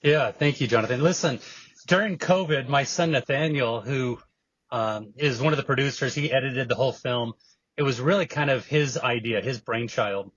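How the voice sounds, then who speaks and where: An earnest, emphatic man answering an interview question as a storyteller. His voice is husky, the sound is dry and close, and the audio is slightly dull and lo-fi. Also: mid-range voice, normal speed, fairly bright tone, no echo. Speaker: guest, evangelist and film producer.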